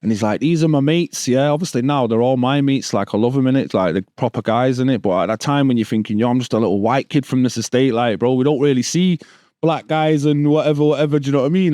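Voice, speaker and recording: A man's voice: medium pitch, fairly quick, dark tone, no echo. Man, manchester accent, slangy, keeps saying bro, dry close sound. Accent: Manchester English. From Stockport, England. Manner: casual street slang, repeated "bro" and "do you know what I mean". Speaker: guest. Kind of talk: storytelling in a podcast interview.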